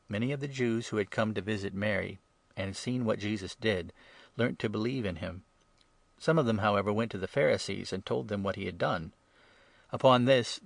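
A man reading scripture aloud in a steady, even narration. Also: lowish voice, vocal fry, no echo. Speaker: reader.

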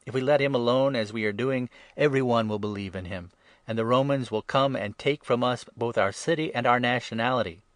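A man's voice: medium pitch, fairly quick, no room sound, close to an everyday voice. A man voicing an anxious council of priests, speaking urgently and with alarm.

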